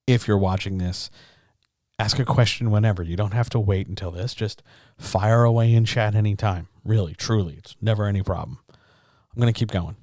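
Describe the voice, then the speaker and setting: A chatty, upbeat man hosts a writing livestream, speaking in a slightly low voice. He talks straight to his chat in a casual Q&A. The sound is dry and close on a podcast mic. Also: moderate pace, a little mellow, dry recording. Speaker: writing coach and chat host. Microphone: studio podcast mic.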